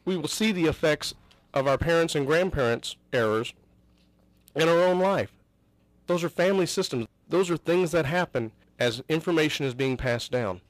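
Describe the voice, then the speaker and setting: A man's voice: a little high, animated, moderate pace, dry recording, rough recording. A man hosting an interview, explaining and asking questions earnestly. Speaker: host.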